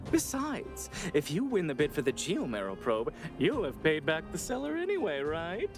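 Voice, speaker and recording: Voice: medium pitch, huge pitch swings, normal speed, over music. A voice actor playing a polite, courteous auction house staff member in a video game. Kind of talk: game voice acting.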